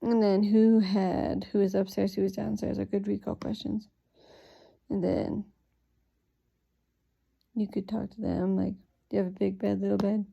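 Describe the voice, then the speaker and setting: A tired woman reads a children's picture book and stops to explain how to prompt kids with it. Her voice is gravelly and very dark, and she stays relaxed and unhurried, with plenty of fillers. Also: mid-range voice, lo-fi sound. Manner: relaxed, thinks aloud with fillers. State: sleepy, yawning. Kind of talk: reading aloud and explaining teaching prompts.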